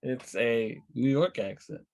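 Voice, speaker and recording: A man's voice: medium pitch, a little slow, darkish tone. A man co-hosting a podcast in laid-back casual chat, blunt and chuckling. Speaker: podcast co-host.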